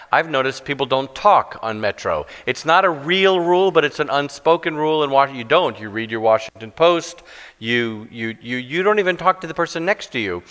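Halting self-mocking male preacher in a church. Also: medium pitch, a bit bright. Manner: self-deprecating, halting with many restarts. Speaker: guest preacher. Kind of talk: sermon with storytelling. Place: church sanctuary. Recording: long church reverb.

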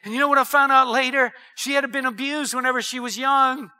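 Middle-aged male preacher, high and sharp-edged tone, animated storyteller who builds to shouts. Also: a little fast. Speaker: pastor. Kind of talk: sermon.

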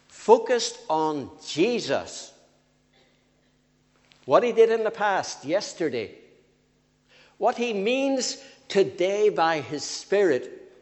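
An older man preaching a sermon, swinging from loud emphatic phrases to quiet asides. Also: medium pitch. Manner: lively with sudden rises and drops, slow emphatic phrasing. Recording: long reverb of a church hall.

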